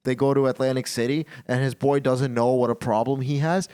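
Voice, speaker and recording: Animated man hosting a podcast chat. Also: medium pitch, a little fast, clear, resonant tone. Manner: animated, repetitive, swearing freely. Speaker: podcast host. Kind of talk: casual chat.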